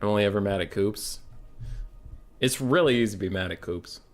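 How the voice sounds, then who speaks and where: A man's voice: lowish voice, brisk, faint music behind. Brash, swearing gaming streamer man. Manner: brash, swearing, animated, talks to chat. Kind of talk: casual gaming stream chat.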